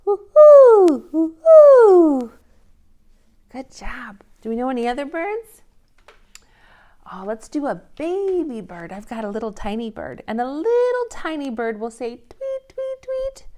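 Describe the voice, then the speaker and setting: A woman leading a toddler storytime, reading picture books and singing gently in a slow, sing-song way. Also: on the high side, big pitch swings. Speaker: children's librarian. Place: library storytime recorded on camera.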